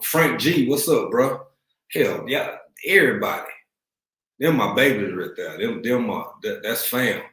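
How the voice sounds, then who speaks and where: Hosting a relaxed livestream from a room at home in Africa, this East Texas man talks in a low voice with a Texan accent. His manner is slangy and easygoing as he greets viewers in the chat, and the room's echo is audible.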